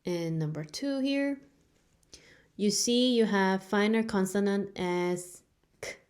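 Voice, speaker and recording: A woman's voice: mid-range voice, slow, darkish tone. A woman teaching a beginner language lesson, a native Korean speaker who patiently repeats each sound several times for learners.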